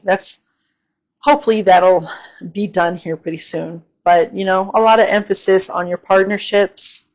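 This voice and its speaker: Brief: woman, lower-pitched, casual astrology host, filler-heavy, keeps asking "okay?". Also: vocal fry. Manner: chatty, many fillers and "okay?" check-ins; repeats gentle safety warnings. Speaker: astrology reader.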